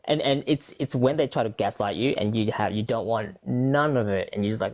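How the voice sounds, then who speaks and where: A woman's voice: a bass voice, moderate pace, darkish tone. A woman hosting a casual chat. She talks bluntly and backs up her friend. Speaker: host.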